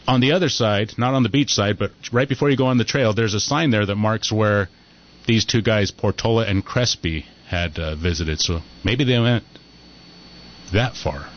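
A man hosts a call-in radio show and talks loosely, wandering off topic. He fills pauses with "um" and often restarts his sentences. The sound is dull and a bit lo-fi. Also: mid-range voice. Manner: rambling and hesitant, with many "um"s and restarts.

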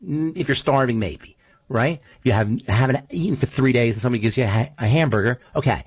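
A man co-hosting a radio talk show, an animated storyteller who voices the figures in his stories. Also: mid-range voice, fast talker, husky, no room sound, dull audio. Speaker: co-host.

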